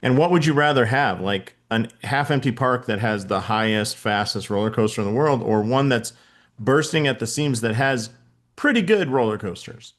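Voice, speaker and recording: A man hosting a podcast interview in a relaxed, conversational way. He leans on fillers and poses what-would-you-rather questions, his voice sitting at an ordinary middle pitch for a man. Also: moderate pace. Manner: casual, filler-heavy, posing hypotheticals. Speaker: podcast host.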